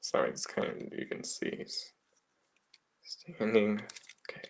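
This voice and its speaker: A man casually reviewing a toy, talking softly with mumbled, half-whispered asides. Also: mid-range voice, expressive, slow, pauses often.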